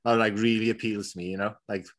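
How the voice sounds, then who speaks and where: Welsh man, podcast host, slightly low voice, easygoing chat. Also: fast talker. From Wales. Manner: relaxed, chatty, with many fillers.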